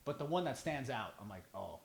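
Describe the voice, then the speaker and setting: Animated storytelling man, echoey room. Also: mid-range voice, a little fast, vocal fry. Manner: animated storyteller acting out both sides of conversations. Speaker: band drummer, podcast regular. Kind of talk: casual chat, storytelling.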